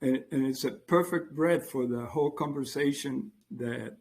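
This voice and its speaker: A man's voice: mid-range voice, normal speed, gravelly, a little mellow. A man in his seventies, a breathing coach, talking cheerfully over a video call. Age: 70s. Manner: cheerful and laughing. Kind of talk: casual chat.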